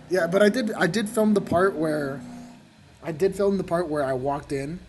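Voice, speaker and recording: A man's voice: sits high, expressive, measured pace, darkish tone, faint music behind. A man streaming a game, telling a rambling, profane story with frequent laughs. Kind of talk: casual gaming chat.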